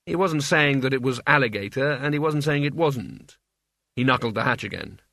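A man narrating an audiobook in a wry, measured storytelling manner. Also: medium pitch, lively intonation, creaky, pushed and bright, no echo. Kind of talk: scripted narration.

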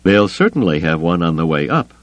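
Audiobook: male reader as a composed military commander, quiet authority, lively delivery, dry sound. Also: low-pitched, a little fast, no echo. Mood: calm, commanding. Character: calm, commanding veteran male officer. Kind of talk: audiobook character voice.

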